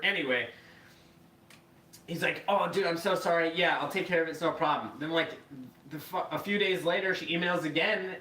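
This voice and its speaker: A man hosting a podcast, telling a story casually with lots of swearing and animated acted-out quotes. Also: on the high side. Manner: profane, animated, acts out quoted voices. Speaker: podcast host. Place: live podcast room. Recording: echoey room, mic far off, faint noise.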